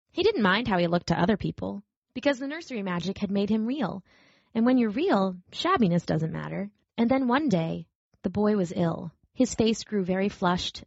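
A woman narrating a storybook aloud in a gentle, even storytelling manner. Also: mid-range voice, husky, no room sound. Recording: dry, slightly dull recording.

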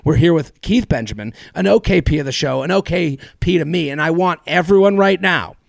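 Gravelly, rambling male podcast host. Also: on the high side, a little fast, dry recording, clean studio sound. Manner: rambling, animated storyteller with frequent laughs and restarts. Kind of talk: casual podcast chat and storytelling.

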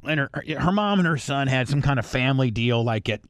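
A man hosting a podcast, telling a long rambling story in casual chat, swearing freely and clearing his throat often. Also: mid-range voice, lively intonation, quick pace, fairly bright tone, no room sound, clean studio sound. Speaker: podcast host.

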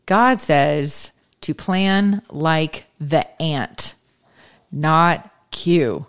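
Fired-up woman host, low voice. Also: extremely slow, clear, resonant tone. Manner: preachy, emphatic, folksy. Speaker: show host. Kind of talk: impassioned casual monologue.

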